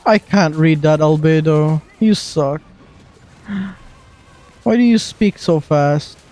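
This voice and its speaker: A streamer doing casual live gaming commentary, reacting loudly and swearing while playing. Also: mid-range voice, slow pace.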